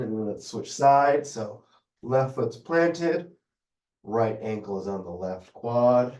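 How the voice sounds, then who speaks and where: A man leading a yoga class, giving calm, unhurried cues for stretches and breathing. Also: lowish voice, echoey room, distant mic. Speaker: yoga instructor. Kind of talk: guided yoga class instruction.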